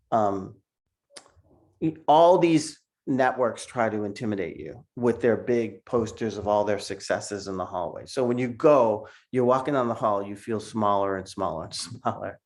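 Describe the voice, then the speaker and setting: His voice runs on the low side, a little slow and darkish in tone: a middle-aged cartoonist guest telling stories in a casual video-call interview. He laughs often and repeats words as he goes.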